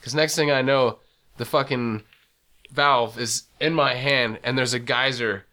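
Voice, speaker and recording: A man co-hosting a podcast, telling a rambling story in casual crude chat with many halting restarts. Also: medium pitch, steady tone, pushed and bright. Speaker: podcast co-host.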